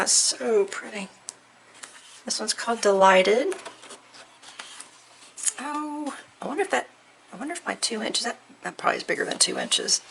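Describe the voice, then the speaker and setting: A woman chatting through an unboxing, gushing softly and at times dropping to a near whisper. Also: mid-range voice, creaky, slight background noise. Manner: gushing, soft-spoken, often near a whisper. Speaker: crafting vlogger. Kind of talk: unboxing chat.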